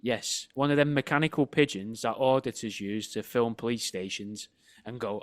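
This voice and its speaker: A man co-hosting a podcast over a remote call, trading dry, deadpan jokes and laughing easily. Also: medium pitch, moderate pace. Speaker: podcast co-host. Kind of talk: casual banter.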